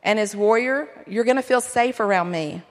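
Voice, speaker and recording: A middle-aged woman giving a sermon-style talk to a men's conference, earnest and encouraging, with lively asides. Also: on the high side, moderate pace. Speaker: pastor's wife speaking at a men's conference. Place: large hall. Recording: long hall reverb.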